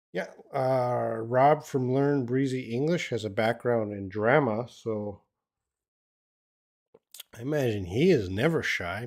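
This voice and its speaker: A man's voice: mid-range voice, darkish tone. A middle-aged man teaching English on a live stream, answering viewers' questions and thinking aloud with hesitant restarts. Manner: encouraging.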